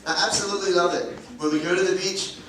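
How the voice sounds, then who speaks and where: A man's voice: high voice, fairly even intonation, fast. A male pastor giving a playful children's sermon, asking the kids questions as he shows them props. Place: church sanctuary. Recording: very echoey church hall from a distance with room noise.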